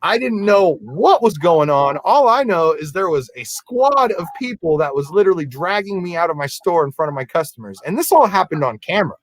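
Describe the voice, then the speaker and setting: A man, a podcast co-host, telling a story in a casual, animated way and acting out the people in it. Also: high voice, a little fast, few pauses, no room sound, low-quality recording. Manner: animated, acts out quoted voices.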